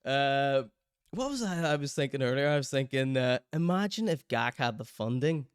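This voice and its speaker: A man's voice: mid-range voice, lively intonation, moderate pace, clean tone, no room sound, clean studio sound. A man hosting his own online show, plugging t-shirts in a joking, rambling, self-mocking way. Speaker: show host.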